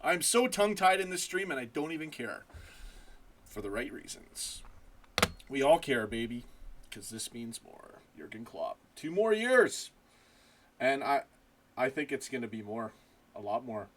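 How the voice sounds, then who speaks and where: A man hosting a casual football live stream from home, excitable, swearing and laughing as he chats. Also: medium pitch, moderate pace, long pauses.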